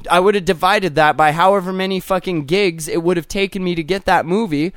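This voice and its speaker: Ranting, profane man with a high voice. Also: steady tone, brisk, a bit bright, dry recording, clean studio sound. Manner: profane, ranting, mocks with put-on quoted voices. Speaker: podcast co-host. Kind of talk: casual chat.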